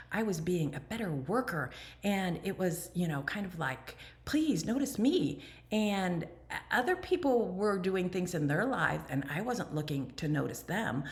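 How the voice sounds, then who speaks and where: A woman with a somewhat low voice talks about her own recovery in a candid personal monologue. Her storytelling is animated, and at times she drops her voice to a near whisper. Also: gravelly. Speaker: recovery speaker and channel host.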